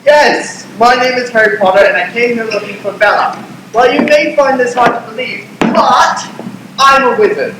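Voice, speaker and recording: A man's voice: extremely high pitch, normal speed. A man playing a young British wizard in a live stage parody, talking in an awkward, hesitant way. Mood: earnest. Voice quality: hesitant, stumbling, shy. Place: convention room, stage. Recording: echoey hall, noisy live audience room.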